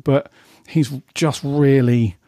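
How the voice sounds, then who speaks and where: A man from Britain hosting a podcast, leading a casual chat in a relaxed way. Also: mid-range voice, slow pace, dry recording, studio quality. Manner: relaxed, leads the discussion. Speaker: podcast host.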